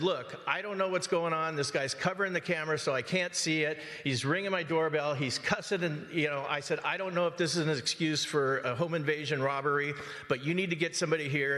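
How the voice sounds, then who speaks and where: At public comment in a council chamber, a resident recounts an upsetting story in an agitated, emphatic way, frequently asking "okay?". His fairly high voice sounds pushed and bright, and the chamber adds a long hall reverb.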